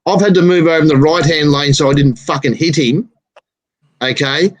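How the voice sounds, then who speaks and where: A man's voice: a little high, normal speed, no echo, rough recording. A man telling a blunt, swearing driving story in casual chat.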